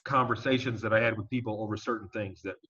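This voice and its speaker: A man's voice: on the low side, quick pace, husky. Lo-fi recording of a man telling a story. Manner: animated and emphatic, casual with swearing. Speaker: interview guest. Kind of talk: conversational storytelling. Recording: dull lo-fi audio.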